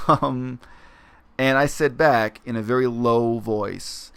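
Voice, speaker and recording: Gravelly-voiced man musing on camera. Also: mid-range voice. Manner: reflective, explanatory, with many pauses and fillers. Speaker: vlogger. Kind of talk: casual spoken monologue.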